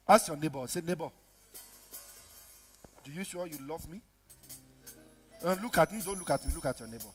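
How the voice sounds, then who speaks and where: A pastor preaching a sermon, acting out dialogue with sudden shouts and low mutters. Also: male voice, moderate pace, pauses often. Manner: animated preaching, acts out dialogue, big swings from shouts to mutters. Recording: reverberant hall with music behind.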